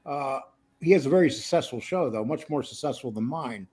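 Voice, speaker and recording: A man's voice: mid-range voice, expressive, fairly quick, a little mellow, breathy edge. A man hosting a casual live-stream chat. He rambles and teases, with many fillers. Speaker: host.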